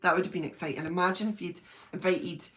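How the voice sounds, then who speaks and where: A woman with a British accent, fairly low pitch and quick pace hosts a live stream from home. She chats casually and reads out viewer comments in a gushing, excitable way.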